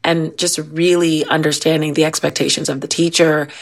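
A woman's voice: sits low, little pitch movement, normal speed. Chatty woman guest on a talk show. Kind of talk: casual chat.

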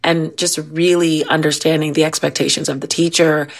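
A woman's voice: deep voice, flat delivery, normal speed, creaky. A woman, a mother on a panel, speaking emphatically and jokingly about parenting. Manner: emphatic, jokey. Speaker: panelist mom. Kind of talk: casual chat.

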